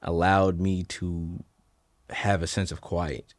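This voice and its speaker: A young man with a deep voice and a slight Southern drawl speaks in a relaxed, easygoing way. The sound is dry and close. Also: takes it slowly, no room sound. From Delaware, USA. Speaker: musician guest. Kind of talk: casual interview answers.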